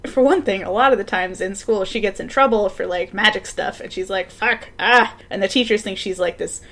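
A woman co-hosting a podcast in casual chat, animated and sarcastic, swearing freely and acting out quotes. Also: mid-range voice, a little fast. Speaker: podcast co-host.

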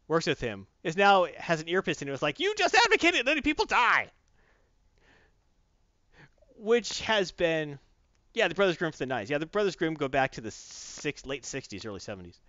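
A man's voice: fairly high pitch, a bit bright, dry recording. A man casually reviewing a comic book, retelling it in a rambling, enthusiastic way, in a dull lo-fi recording.

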